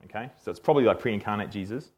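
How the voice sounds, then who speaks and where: A man teaching a Bible passage in a relaxed, conversational way, often checking in with "okay?". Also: on the low side, very fast, slightly rough. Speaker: preacher.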